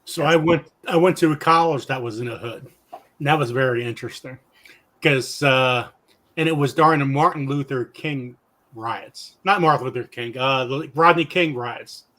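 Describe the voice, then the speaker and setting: A man in his fifties who tells stories in an animated, casual way, laughing often and acting out the voices of the people in them. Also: medium pitch, normal speed. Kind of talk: casual storytelling.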